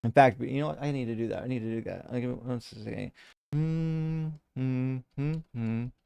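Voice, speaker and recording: Gravelly, mellow-voiced male stream host. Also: medium pitch, moderate pace. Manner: rambling, many restarts, swears casually. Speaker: debate stream host reading chat. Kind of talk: casual live-stream chat.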